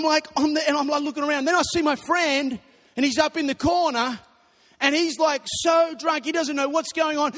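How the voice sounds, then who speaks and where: A young man preaching a sermon, telling stories animatedly and breaking into shouts. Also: very high-pitched. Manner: animated storytelling, bursts into shouting. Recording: long reverb of a large hall.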